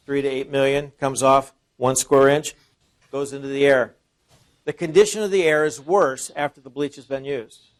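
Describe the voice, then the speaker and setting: A man presenting at an informal seminar, talking conversationally and asking the audience rhetorical questions, often repeating and restarting phrases. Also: on the high side. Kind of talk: informal sales seminar talk.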